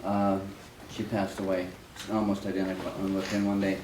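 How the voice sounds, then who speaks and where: Low, flat-voiced man, hesitant and distant. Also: normal speed, a little hiss or hum. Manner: hesitant, with many fillers. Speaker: memorial attendee. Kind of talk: personal remarks. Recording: echoey room from a distance.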